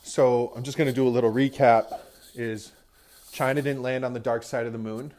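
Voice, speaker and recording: This young podcast host drives while recording a casual, rambling monologue, cursing at every turn as he rants. His medium-pitched voice holds a steady tone and moderate pace, colored a bit dark. He's profane and heavy on the swearing.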